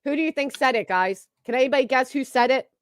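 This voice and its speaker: A woman's voice: high-pitched, fast, dry recording, clean studio sound. Sarcastic, foul-mouthed woman streamer. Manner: mocking, profane, sarcastic. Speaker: commentary streamer. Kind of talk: casual reaction commentary.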